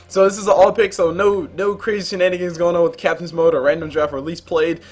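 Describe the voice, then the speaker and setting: A young man commentating a game replay in a relaxed, rambling way, full of jokey asides. His voice sits a little high and has a husky edge. He talks very fast. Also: faint music behind.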